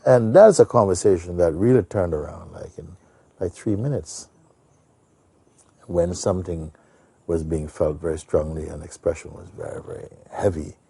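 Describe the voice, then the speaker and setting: Low, gravelly-voiced man telling a story. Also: warm tone. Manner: unhurried and anecdotal, full of "you know". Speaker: spiritual teacher. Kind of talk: spiritual talk with storytelling.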